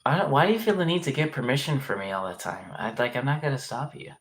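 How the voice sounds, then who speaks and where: A man's voice: medium pitch, animated, fast talker, hardly any pauses. A young man hosting a live stream, rambling casually with lots of fillers and some swearing, and speaking with a regional accent. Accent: regional dialect, place unstated. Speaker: livestream host.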